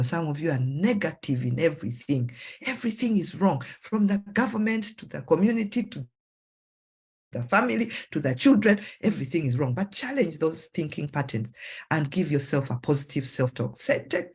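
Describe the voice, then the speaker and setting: A woman's voice: gravelly, slightly rough. A woman psychologist with a Ugandan English accent giving a motivational talk, acting out self-talk in a raised voice. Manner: animated, acts out self-talk in a high voice.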